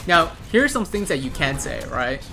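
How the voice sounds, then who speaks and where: A man's voice: fairly high pitch, very animated, normal speed, gravelly, sharp tone, soft background music. A man giving blunt, profane gameplay commentary and ranting advice about ranked play. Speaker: gaming content creator.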